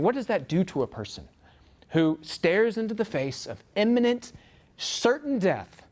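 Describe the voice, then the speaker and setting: A man delivers a sermon, narrating a story full of restarts and repeated words, and his pitch climbs on the words he stresses.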